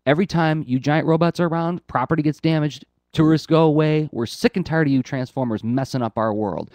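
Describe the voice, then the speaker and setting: A man's voice: a little high, brisk, dry recording, voice pushed up, close to an everyday voice. A man voicing angry male officials scolding giant robots for the damage they cause. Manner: yelling, scolding.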